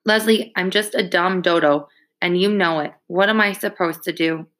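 A woman's voice: fairly low pitch, moderate pace, fairly bright tone, lightly acted. A woman voicing an earnest, grieving ten-year-old boy in an audiobook reading, with a plain, pleading delivery. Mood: frightened.

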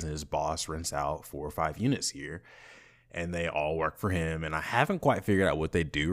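Young man, deep voice, casual podcast storytelling, crude, animated, laughs a lot. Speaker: podcast host.

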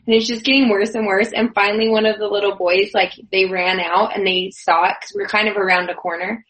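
A woman in casual chat with friends, telling a story with lively acted-out quotes and laughter. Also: mid-range voice, quick pace, hardly any pauses. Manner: animated storyteller, acts out quoted voices.

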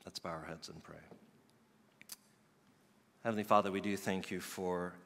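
Bright-voiced pastor in a reverberant hall. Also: male voice, low-pitched, steady tone, moderate pace, gravelly. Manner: earnest, builds to loud emphatic peaks then drops soft. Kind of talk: sermon. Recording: long reverb of a large hall.

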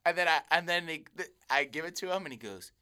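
A man's voice: a little high, fast, pushed and bright, smooth. A young man co-hosting a podcast, telling rambling stories in casual chat and laughing often. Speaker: podcast co-host.

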